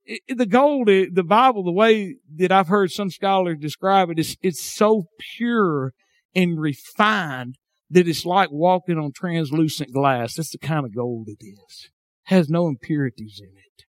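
A man with a Southern hillbilly drawl preaching a sermon, swinging between shouted passages and quiet, folksy talk. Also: sits high, a little slow, no echo, clean studio sound.

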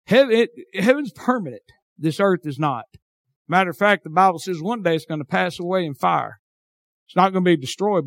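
A man with a Southern hillbilly drawl preaching a sermon, swinging between shouted passages and quiet, folksy talk. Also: a little high, dry recording.

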